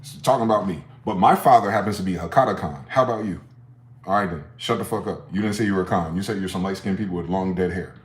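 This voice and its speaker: A man talking in a rambling, profane late-night monologue, swinging from loud outbursts to low muttering. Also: quick pace, echoey room. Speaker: vlogger.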